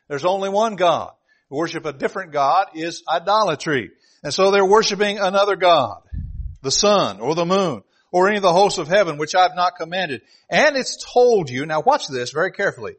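A man's voice: on the high side, fairly bright tone. A man preaching a sermon, emphatic and repeating key phrases as he reads scripture aloud.

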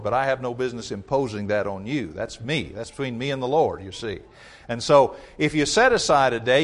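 A man preaching a sermon, emphatic, reading scripture aloud and calling his listeners folks. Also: a little high.

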